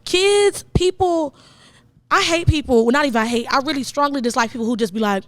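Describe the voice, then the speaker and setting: A young woman from Cleveland with a high voice, telling stories in casual podcast chat. She acts out the people she quotes in a lively, animated way. The sound is dry and close. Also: fairly quick, no echo. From Cleveland, Ohio. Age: young adult. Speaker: podcast co-host.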